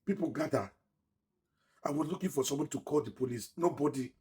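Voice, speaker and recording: A middle-aged man telling his own story in an earnest, emotional way, often dropping to a hushed voice. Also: on the high side, brisk. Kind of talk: personal story told to camera.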